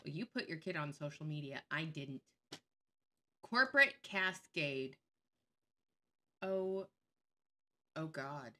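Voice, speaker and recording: Bright-voiced, blunt, sarcastic woman. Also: low-pitched, animated, slow, pauses often. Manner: blunt, sarcastic, openly angry; swears freely. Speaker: YouTube commentator. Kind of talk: casual screen-share commentary.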